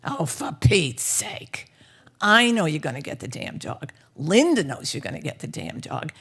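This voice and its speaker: A woman voicing a gruff, exasperated older man with a New York accent, loud and insistent. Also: on the high side, sing-song, unhurried, heavily acted.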